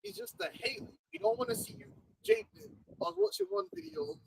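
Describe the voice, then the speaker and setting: High, gravelly young man, animated. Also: a little fast, dry recording, rough recording. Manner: animated, slangy, laughing often. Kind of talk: casual chat.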